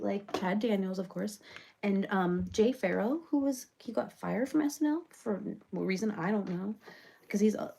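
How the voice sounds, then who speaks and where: Woman doing a reality-show personality, rambling, filler-heavy, creaky fry, comedic parody monologue. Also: medium pitch, darkish tone, slight background noise, natural voice.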